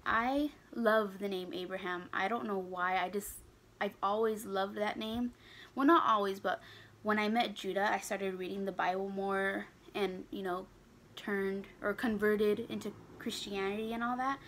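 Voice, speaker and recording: A woman's voice: medium pitch, fairly even intonation, unhurried, a bit bright. A young adult woman chatting casually to her channel in her bedroom, out of breath and rambling from one aside to the next. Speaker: vlogger. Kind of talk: casual chat to camera.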